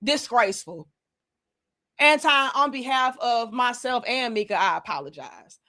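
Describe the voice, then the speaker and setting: A woman's voice: a little high, measured pace. Sarcastic, profane woman ranting on camera. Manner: profane, sarcastic, animated with exaggerated mock apologies. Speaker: commentary channel host. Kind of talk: casual commentary rant.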